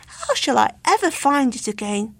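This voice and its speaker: Woman doing a desperate storybook man, loud, pleading, a bit gravelly. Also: sits high, very animated, moderate pace, no echo, heavily acted. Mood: worried. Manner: pleading and calling out. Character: anxious grown man searching for his lost bird.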